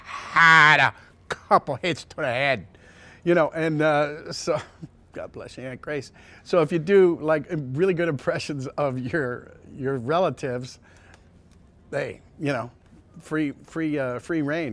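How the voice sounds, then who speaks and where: A male voice actor telling casual anecdotes in an interview, rambling with many restarts and sliding into quick impressions. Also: medium pitch. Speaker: voice actor guest.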